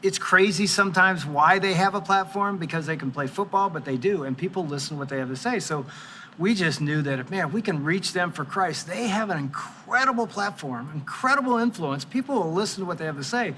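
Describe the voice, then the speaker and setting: A man in his sixties, a pastor, telling the story of his ministry in a casual, animated way. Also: high voice, a little fast, a little hiss or hum. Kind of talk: church service talk and testimony.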